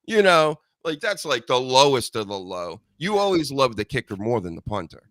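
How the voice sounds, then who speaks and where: A man hosting a podcast, ranting in an animated, sarcastic, profane way. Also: mid-range voice, moderate pace, no room sound, studio quality. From United States. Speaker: podcast host. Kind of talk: casual ranting chat.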